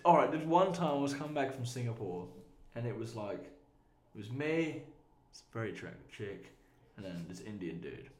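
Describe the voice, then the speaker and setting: A man's voice: medium pitch, expressive, moderate pace, a little mellow. A man hosting a podcast in casual chat, laid-back and crude, swearing freely as he tells stories. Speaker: podcast host. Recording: echoey room.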